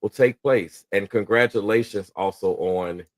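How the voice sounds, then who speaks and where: A man's voice: on the low side, unhurried, no echo. A man joining a livestream as a guest, speaking in a friendly, easygoing way in casual chat.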